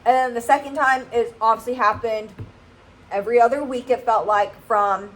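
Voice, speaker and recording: A woman's voice: on the high side, fairly even intonation, normal speed, fairly bright tone, rough recording. A young woman tells a story in a casual vlog. She is chatty and keeps checking in with her viewers. There is faint noise in the background. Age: 20s. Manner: chatty, keeps asking "okay?". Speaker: vlogger.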